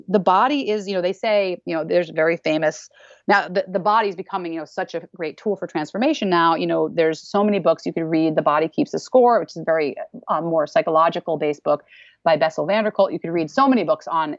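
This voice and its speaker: Here a female dance teacher guests on a podcast, chatting casually in a lowish register. Emphatic by nature, she repeats phrases for weight and performs other people's voices. There's no room sound; the audio is dry, dull, and somewhat lo-fi.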